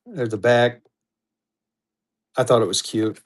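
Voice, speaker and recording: Here the auction host's mid-range voice moves slowly as he runs a live-stream sale. Casual and rambling, he keeps starting over and calls out to viewers by name.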